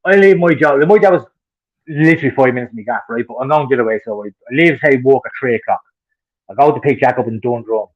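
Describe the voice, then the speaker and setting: A man's voice: mid-range voice, fast talker, lo-fi sound. An Irish man co-hosting a podcast, telling profane, heated stories in casual chat. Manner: profane, heated ranting storyteller. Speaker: podcast co-host.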